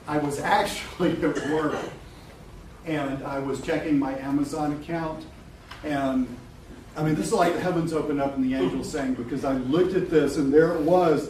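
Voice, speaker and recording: A middle-aged man giving a live seminar talk to an audience. He is animated and blunt, laughs often and swears casually. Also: on the high side. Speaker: marketing coach presenting a seminar. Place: event room with a live audience. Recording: echoey room from a distance, noisy.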